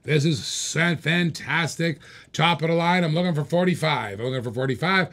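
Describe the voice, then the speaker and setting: A man runs a live online auction, calling out bids again and again and urging the bidders to raise. His voice sits a little high for a man and has a gravelly, fried edge. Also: fairly bright tone. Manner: rapid repetitive bid calling, hyping bidders. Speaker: auctioneer host.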